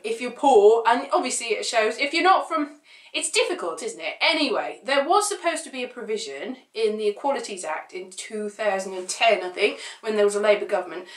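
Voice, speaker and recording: Bright-voiced woman, rambling and opinionated. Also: mid-range voice, reverberant. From United Kingdom. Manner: rambling, opinionated, sarcastic asides. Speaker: vlogger. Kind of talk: casual chat to camera.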